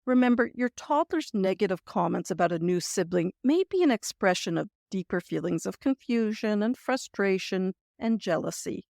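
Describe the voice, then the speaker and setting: A woman hosting a parenting podcast, giving gentle, reassuring advice and sample phrasings in a scripted talk. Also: mid-range voice, animated, moderate pace, gravelly, hardly any pauses, no room sound, clean studio sound.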